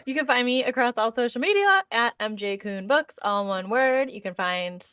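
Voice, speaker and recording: A woman co-hosting a podcast over a video call, bubbly and excitable as she promotes her books. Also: fairly high pitch, moderate pace, clean tone, dry recording, clean studio sound. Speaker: podcast co-host and author. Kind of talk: casual podcast chat.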